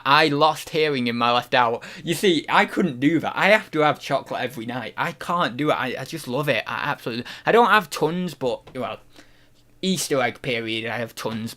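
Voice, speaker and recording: A man's voice: mid-range voice, normal speed, sharp tone. A man from the UK hosting a casual livestream, reading out chat questions and thinking aloud, often restarting and unsure of himself.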